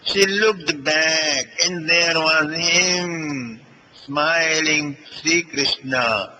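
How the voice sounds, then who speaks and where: A man telling a devotional story as a swami, speaking deliberately and addressing his listeners as dear friends. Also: a little high, sharp tone, slight background noise, rough recording.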